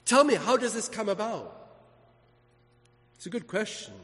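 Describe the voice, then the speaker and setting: A man's voice: sits high, very animated, normal speed, fairly bright tone. A man preaching a sermon as a vicar, emphatic, asking the congregation rhetorical questions. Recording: long hall reverb.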